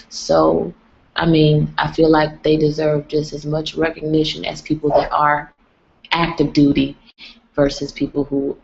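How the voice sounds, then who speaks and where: A woman's voice: sits low, gravelly, a little mellow, a little hiss or hum. A young woman chatting on a livestream, rambling and folksy. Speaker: vlogger. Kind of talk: casual livestream chat. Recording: lo-fi livestream audio.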